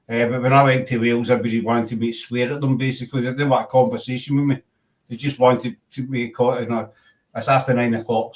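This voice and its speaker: A man's voice: mid-range voice, darkish tone. Scottish guy hosting a chat, jokey and teasing, laughs a lot. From Scotland. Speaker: host. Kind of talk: casual chat.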